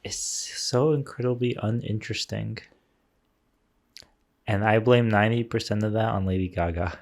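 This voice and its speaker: A man's voice: on the low side, steady tone, normal speed. Opinionated man co-hosting a podcast. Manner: opinionated, ranting. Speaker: podcast co-host. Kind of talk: casual chat.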